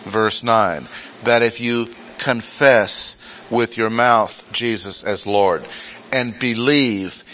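Slow, deliberate male Bible teacher. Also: on the low side, steady tone, bright, forceful tone, rough recording. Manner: slow, deliberate, stressing key words; reads scripture aloud, self-correcting asides. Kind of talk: expository sermon.

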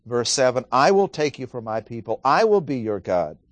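A man's voice: medium pitch, very animated, moderate pace, no room sound. A man teaching a Bible study, talking casually, asking his listeners questions and reading scripture aloud with emphasis. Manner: conversational, asks the audience questions.

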